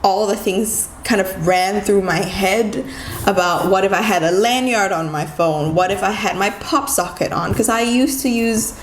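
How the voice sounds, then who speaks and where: A young-sounding woman tells a story to camera in a casual vlog. She talks fast and animatedly, full of "like" fillers. The room is echoey, with a faint hum of ambient noise behind her. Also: mid-range voice. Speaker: vlogger.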